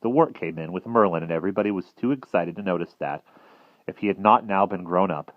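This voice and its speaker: A man narrating a classic novel in an expressive storytelling manner. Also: deep voice, fast talker, no echo, muffled recording. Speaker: reader. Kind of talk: audiobook narration.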